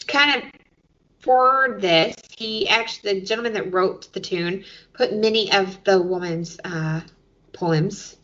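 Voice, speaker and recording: Woman cohost going thru episode recaps, bright voice, kinda dull lo-fi sound. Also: mid-range voice. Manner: explanatory, recaps sketches step by step. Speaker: podcast co-host. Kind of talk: casual chat recapping episodes.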